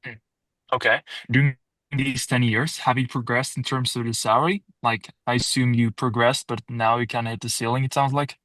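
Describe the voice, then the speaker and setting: Calm male salesman who probes and sums up what he hears, dry close mic. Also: mid-range voice, normal speed, no room sound, low-quality recording. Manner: calm, questioning, restates answers. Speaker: salesperson in roleplay. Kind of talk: sales call roleplay.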